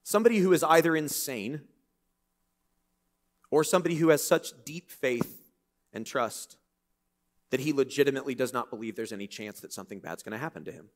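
A man preaching a sermon in a church, reading scripture and breaking into lively, conversational, joking asides. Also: mid-range voice, fairly quick, pauses often. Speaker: pastor.

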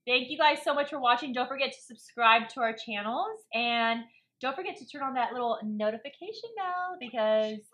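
Young woman, casual mukbang chat, bubbly, takes charge, bright, pitched a bit high. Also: moderate pace. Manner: bubbly, bossy, runs the rating. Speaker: vlog co-host.

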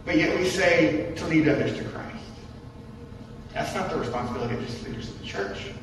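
A man with a slightly high voice preaches fairly quickly in a church sanctuary, stressing points, repeating himself, and asking the congregation rhetorical questions. Background noise is present, and the distant mic catches the hall's echo.

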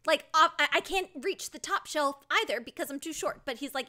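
A woman's voice: sits high, expressive, fairly quick, pushed and bright. A woman in casual chat, candid and laughing often, trailing off mid-thought.

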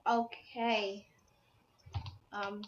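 A woman giving let's-play commentary, excitable, bursting into exclamations between mumbled remarks. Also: mid-range voice, drawn-out words, lo-fi sound, background noise. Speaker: gamer. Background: game music.

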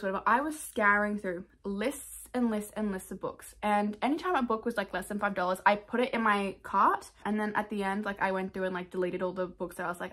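A young Australian woman with an Australian accent, chatting casually in a rambling book haul vlog from her room, full of "like" and quick asides. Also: medium pitch, fairly bright tone. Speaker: book vlogger.

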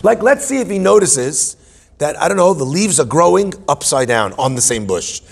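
Playful, gravel-voiced Torah teacher (man). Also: on the high side, very animated, moderate pace. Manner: playful, self-deprecating, musing asides. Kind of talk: humorous Torah class.

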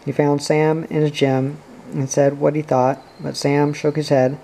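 A man reading a novel aloud as an audiobook narrator, in a steady and subdued way. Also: fairly high pitch, a little slow, hardly any pauses, a little hiss or hum, poor audio. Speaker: audiobook reader.

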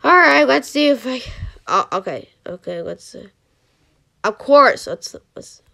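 A woman's voice: high-pitched, measured pace, creaky. A woman giving casual gameplay commentary as a channel host, stammering often and yelping when things go wrong. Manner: excitable, stammering, yelps in frustration.

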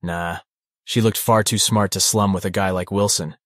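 A man's voice: low-pitched, fairly even intonation, moderate pace, fairly bright tone, no echo. A man narrating an audiobook in a dry, wry manner. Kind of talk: scripted narration.

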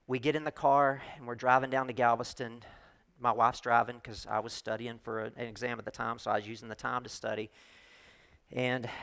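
A man's voice: medium pitch, fairly bright tone. A middle-aged man, preaching as a guest speaker and telling a personal story in a candid, conversational way. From United States. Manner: candid, conversational storytelling with self-deprecating asides. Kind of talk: sermon storytelling.

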